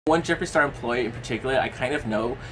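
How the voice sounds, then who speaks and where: A man's voice: mid-range voice, quick pace, background noise. A young man talking in a casual commentary vlog, rambling with lots of fillers, blunt and given to swearing. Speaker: commentary vlogger.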